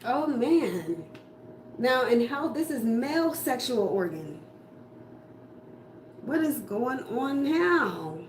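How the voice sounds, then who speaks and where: Her voice is fairly high and sing-song, slow, with long pauses. This woman reads tarot casually, cursing bluntly and ranting through rhetorical questions about what the cards show, recorded in an echoey room with faint noise.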